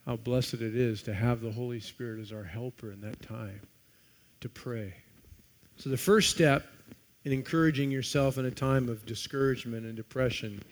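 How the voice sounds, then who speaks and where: A man preaching a sermon, reading scripture aloud and swinging between loud emphasis and hushed, quiet passages. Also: medium pitch. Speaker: pastor.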